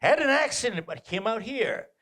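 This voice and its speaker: A man giving a live motivational talk to an audience, animated and punchy, repeating short phrases and throwing out rhetorical questions. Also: very high voice, moderate pace. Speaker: motivational speaker. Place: indoor event venue.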